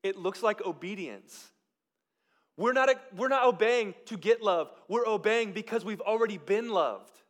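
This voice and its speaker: A man preaching a sermon as pastor, moving between loud, emphatic lines and quiet, hushed ones. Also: high-pitched, expressive, a little slow.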